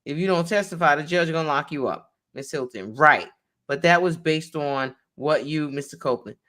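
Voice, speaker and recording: Reading aloud from a court transcript, this woman attorney calls out who is speaking before each line and breaks off to explain. Her low voice is expressive and fairly bright in tone.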